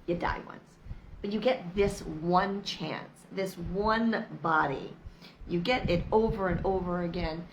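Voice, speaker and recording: A middle-aged woman gives a chatty motivational talk straight to camera, leaning hard on repeated phrases. Her voice sits a little low and carries a gravelly fry. There is a faint hiss of noise behind her. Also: slow pace, lo-fi sound. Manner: emphatic, repetitive, chatty with laughs. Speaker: vlogger.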